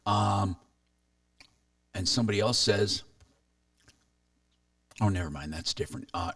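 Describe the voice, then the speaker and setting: Talk radio host, male, lively and chatty, lowish voice, dry studio sound a bit off-mic. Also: moderate pace, long pauses, no room sound, far from the mic. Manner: animated, chatty, reads listener texts aloud. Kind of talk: casual talk radio chat.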